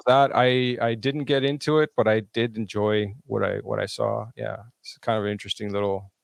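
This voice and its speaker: A man co-hosting a podcast in casual chat, talking haltingly with many restarts and short agreements. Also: lowish voice, flat delivery, vocal fry, clear, resonant tone, dry recording. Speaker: podcast co-host.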